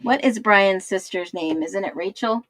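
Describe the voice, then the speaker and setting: A woman's voice: medium pitch, normal speed, a bit bright, low-quality recording. A woman hosting a casual livestream, thinking aloud and looking things up as she reads viewers' comments. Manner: thinks aloud, searching while she talks. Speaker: livestream host.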